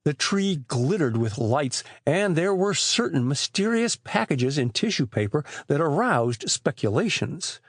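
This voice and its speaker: A man narrating a classic boys' adventure audiobook in a measured, expressive storytelling voice. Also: on the high side, dry recording, studio quality. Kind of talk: scripted narration.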